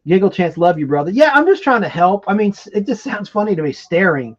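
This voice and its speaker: A man hosting a live stream in a rambling, excitable manner, chatting casually and reading viewer comments aloud between trivia questions. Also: high voice, fast talker, muffled recording. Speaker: livestream host.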